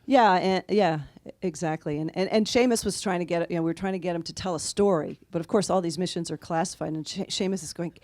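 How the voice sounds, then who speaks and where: A woman author telling anecdotes in an interview, in a lively way and quoting the people she met. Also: on the low side, fast, dry recording. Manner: animated anecdotal, quotes others with laughs. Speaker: author guest. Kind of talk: conversational interview storytelling.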